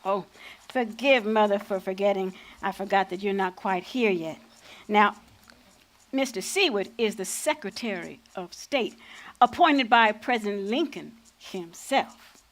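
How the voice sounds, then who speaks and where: A woman's voice: medium pitch, unhurried, close to an everyday voice. Woman playing a feisty old freedom fighter, folksy talk, sly and stubborn, on stage. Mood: patient explaining. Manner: folksy vernacular storytelling, playful and defiant. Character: spirited older woman freedom fighter, proud and shrewd. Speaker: lead actor. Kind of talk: stage acting.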